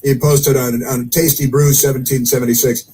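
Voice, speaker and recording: A man's voice: mid-range voice, little pitch movement, moderate pace, warm tone, breathy edge, rough recording. A man hosting casual political commentary, rambling with many fillers and dry sarcastic asides. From United States.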